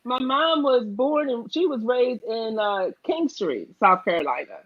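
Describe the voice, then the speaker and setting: A woman's voice: fairly high pitch, lively intonation, unhurried, muffled recording. A woman with a New Jersey accent, a political candidate on an online panel, speaking earnestly and emphatically and often asking "right?".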